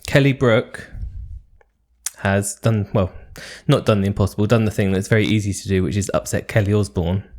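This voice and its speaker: A man's voice: fairly low pitch, steady tone, moderate pace, a little mellow. A man co-hosting a chat podcast, making dry, sarcastic asides. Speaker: podcast co-host. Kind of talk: casual chat.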